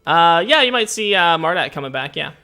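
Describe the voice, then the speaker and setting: A man running a tabletop game as game master, narrating in a relaxed, hesitant way full of filler words. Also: fairly high pitch, brisk, faint music behind. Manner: relaxed, hesitant, lots of uhs and laughs.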